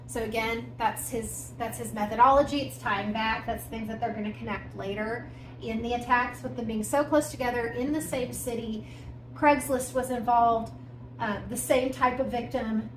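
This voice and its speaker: A woman's voice: on the high side, fairly even intonation, moderate pace. A woman co-hosting a podcast, recounting a crime case in casual storytelling with emphatic asides. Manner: conversational, recounting events with emphatic asides and fillers. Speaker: podcast co-host. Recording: echoey room with faint background noise.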